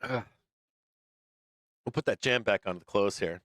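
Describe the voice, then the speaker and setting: Profane, brightly rambling male market streamer. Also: lowish voice, measured pace, dry recording, studio quality. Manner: rambling, profane, laughing often. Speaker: stock market livestream host. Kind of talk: casual profane market commentary.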